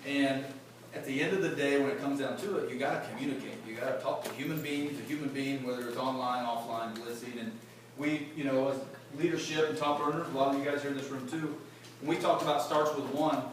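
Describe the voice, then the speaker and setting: A man in sales leadership giving a casual, joking motivational talk to a live audience at a company event. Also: medium pitch. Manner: chatty, joking, quizzes the crowd. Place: large echoey event room with an audience. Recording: echoey room, far mic, background noise.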